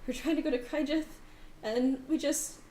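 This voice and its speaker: Woman GM voicing a frantic tearful mother, high, pleading voice, echoey room. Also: steady tone, normal speed, warm tone, a little hiss or hum, close to an everyday voice. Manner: pleading, breathless, on the verge of tears. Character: desperate exhausted woman searching for her lost son.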